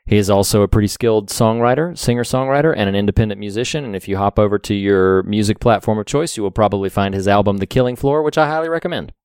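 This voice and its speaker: Lower-voiced man rambling casually. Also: quick pace, few pauses, a little mellow, smooth, no room sound, clean studio sound. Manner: rambling, restarts, laughs often. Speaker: podcast co-host. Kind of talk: casual chat.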